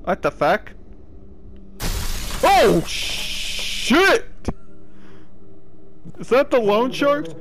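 A man playing a horror video game and commenting on it, with loud exclamations and a lot of swearing. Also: very high-pitched, big pitch swings, very slow, long pauses, a little hiss or hum. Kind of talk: let's play commentary.

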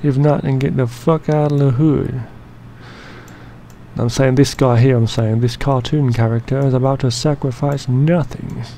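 A man's voice: medium pitch, steady tone, moderate pace, warm tone, slight background noise. A man narrating an editing session in a casual, joking way, full of slang and swearing, and rambling as he works. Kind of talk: casual profane screen-recording commentary.

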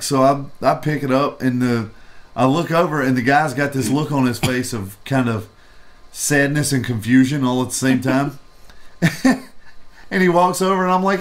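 A man's voice: medium pitch, moderate pace. Guy co-hosting a vape show, loose rambling chat, cusses a lot. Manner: rambling and profane, acts out quoted people. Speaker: vape reviewer and co-host. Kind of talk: casual chat and storytelling.

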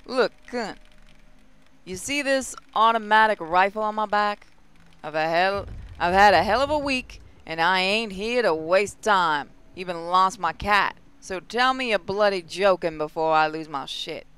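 A foul-mouthed Australian ghost-hunting boss barks orders in a high, bright and clear voice, as a man puts him on while reading a video game aloud. He is blunt and bossy. He swears freely and wants no time wasted. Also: animated, unhurried, heavily acted. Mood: irritated. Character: crude gruff Australian male ghost-hunter boss.

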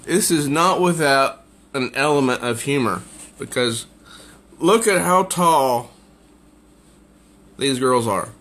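Slow, amused man reviewing comics. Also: medium pitch, expressive, a bit bright. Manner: amused, easily tickled by the jokes. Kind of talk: casual comic review, summarizing pages.

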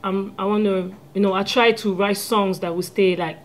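A woman's voice: medium pitch, steady tone, normal speed. A woman singer with a French accent, talking earnestly about her music in a TV studio interview and laughing easily. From Congo. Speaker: singer guest. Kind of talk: TV interview chat.

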